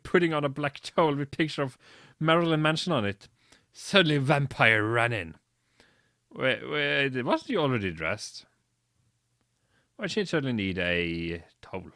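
A man's voice: mid-range voice, expressive, unhurried, bright, forceful tone, dry recording, studio quality. A man reading a badly written story aloud for comedy, mocking it and stumbling over its misspellings. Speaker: reader.

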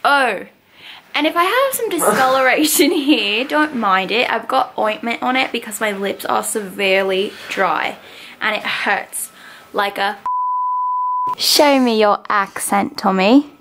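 A woman's voice: on the high side, expressive, a little slow, pushed and bright, a little hiss or hum, low-quality recording. A woman of twenty-one chatting casually to her camera as a vlogger, often laughing. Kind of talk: casual vlog chat.

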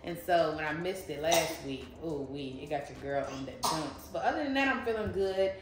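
A woman's voice: deep voice, lively intonation, moderate pace, background noise. A woman co-hosting a family vlog, chatting straight to the viewers. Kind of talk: casual vlog chat. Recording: echoey room.

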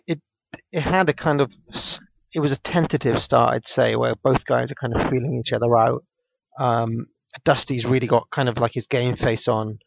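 A man's voice: mid-range voice, gravelly, no echo. A man, casually recapping a wrestling match on a podcast, rambling with lots of ums and restarts. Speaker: podcast co-host. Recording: dull, lo-fi dry podcast mic.

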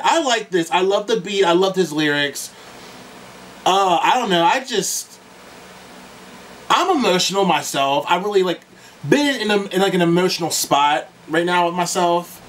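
A man's voice: fairly high pitch, a bit bright, recorded from a distance, a little hiss or hum, low-quality recording. A young man talking straight to his viewers in a casual reaction vlog, tearful and crying at times, emotional and swearing freely. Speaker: YouTube music reactor.

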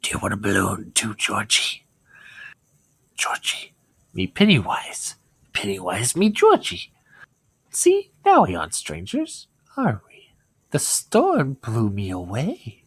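Man doing a creepy male clown, whispering then shrieking high, leaping pitch. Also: wildly swooping pitch, takes it slowly, pauses often, a bit bright, husky, dry recording, exaggerated voice. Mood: creepy, teasing. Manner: sudden leaps from whisper to shrill giggle. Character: evil shape-shifting clown, male, creepy and teasing.

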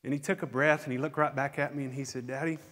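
A man's voice: medium pitch, level tone, fast talker, fairly bright tone. A middle-aged man giving a conference keynote, telling a candid, self-deprecating personal story on a concert hall stage. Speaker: conference speaker. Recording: long hall reverb.

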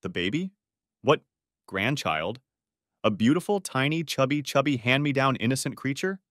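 A man reading an audiobook, voicing an older mother who scolds sharply and loudly. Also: mid-range voice, lively intonation, moderate pace, no room sound, studio quality, pitched above the performer's own voice, close to an everyday voice. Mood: shocked. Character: older mother, fierce and protective.

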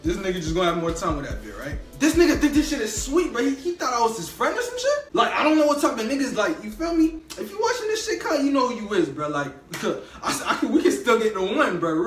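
Animated slangy young man telling a story. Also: sits high. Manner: animated, slangy, emphatic retelling with quoted dialogue. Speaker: vlogger. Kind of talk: casual storytime. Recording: echoey room, mic at a distance, faint music.

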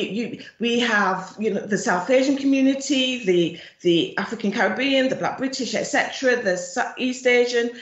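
Woman with a Jamaican accent on a video call. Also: mid-range voice. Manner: frank, emphatic, speaks of her views directly. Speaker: charity chief executive. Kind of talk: virtual conference presentation. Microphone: video call computer mic. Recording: roomy, dull lo-fi video call audio.

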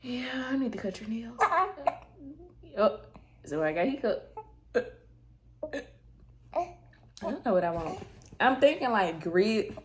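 A woman's voice: a little high, animated, slow pace, long pauses, echoey room. A tired young woman chatting casually to her viewers in a vlog, a little out of breath, sometimes talking to her baby. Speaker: vlogger. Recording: loud background noise.

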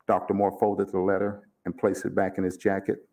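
A man's voice: low-pitched, monotone, brisk, dark tone. A man reading his own fiction aloud at a library event, narrating steadily.

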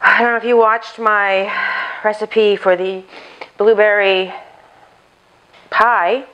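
A woman's voice: mid-range voice, steady tone, takes it slowly, a bit bright, clear, resonant tone, poor audio. A woman hosting a home cooking video on a chest mic, chatting casually and talking to herself as she works. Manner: rambling, talks to herself while cooking. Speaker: cooking channel host. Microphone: lapel mic on chest.

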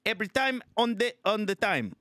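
A man's voice: very animated, brisk, sharp tone, no echo, clean studio sound, exaggerated voice. A man doing a livid Filipino-accented tenant. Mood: indignant rant. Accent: Filipino, put on. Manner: ranting, high-pitched, indignant. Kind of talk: comedy sketch.

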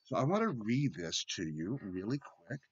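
A man giving a children's sermon in gentle, simple words, reading a storybook aloud. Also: lowish voice, sing-song, moderate pace, husky, no echo, muffled recording. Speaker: church children's sermon leader. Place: church, recorded remotely.

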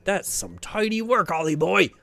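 A man's voice: high-pitched, big pitch swings, moderate pace, creaky, fairly bright tone, faint music behind, pitched above the performer's own voice, heavily acted. Man putting on a cheeky slangy fairy sidekick. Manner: slangy, chummy banter. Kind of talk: reading game dialogue aloud.

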